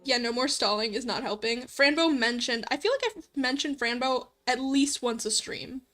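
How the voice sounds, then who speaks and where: High-voiced chatty woman streamer. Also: animated, moderate pace, pushed and bright. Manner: chatty, laughs often, nitpicky. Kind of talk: let's play commentary.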